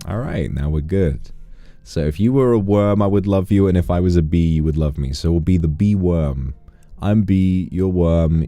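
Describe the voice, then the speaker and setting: A man's voice: sits low, no echo. A man chatting casually on a livestream, playful and teasing as he tells stories. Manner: playful, teasing, animated storyteller. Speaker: streamer.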